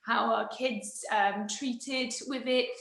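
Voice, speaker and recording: Woman in her 30s cohosting, bit high voice, echoey room. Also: steady tone, slow, creaky, a bit bright. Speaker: co-host. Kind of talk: casual interview chat. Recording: roomy echo.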